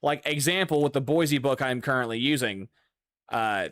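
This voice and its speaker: A young man giving casual, excitable gameplay commentary, swearing and breaking into loud outbursts. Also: medium pitch, moderate pace, no echo. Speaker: gaming YouTuber.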